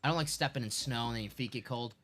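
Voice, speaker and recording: A man's voice: mid-range voice, fast, fairly bright tone. A man co-hosting a live sports card break, easygoing and giving short agreeing replies. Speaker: co-host. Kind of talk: casual live-stream chat.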